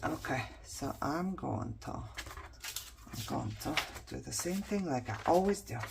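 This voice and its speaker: A woman narrates her crafting session in an unhurried, chatty way, talking half to herself and half to her viewers. Her voice sits a little low, and she pokes fun at her own slow progress. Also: lively intonation, vocal fry, heavy background noise. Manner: chatty, self-mocking, talks to herself while working. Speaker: craft vlogger.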